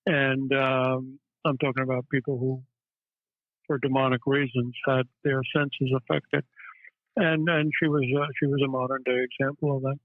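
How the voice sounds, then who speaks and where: A man, a psychiatrist guest, telling stories in a halting way with many fillers. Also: medium pitch, level tone, no room sound. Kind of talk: casual interview storytelling. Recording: tinny phone-line audio, dry.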